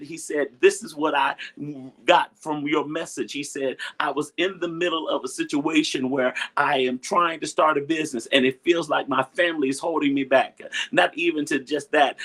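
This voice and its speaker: Husky-voiced man preaching with fervor. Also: medium pitch, a bit bright. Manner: emphatic preaching with heavy repetition. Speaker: pastor. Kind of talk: sermon.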